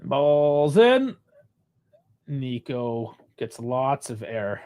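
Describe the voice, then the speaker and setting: A man's voice: mid-range voice, sing-song, extremely slow, dark tone. A man giving live fan reaction to a football match, angry and frustrated, swearing heavily as he rants about the coach's choices.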